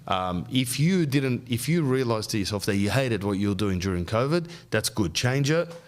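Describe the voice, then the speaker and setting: An Australian man hosting a podcast, talking in a loose, slangy, animated way and calling the listener "bro.". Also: medium pitch, moderate pace. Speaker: podcast host. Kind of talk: casual rambling monologue.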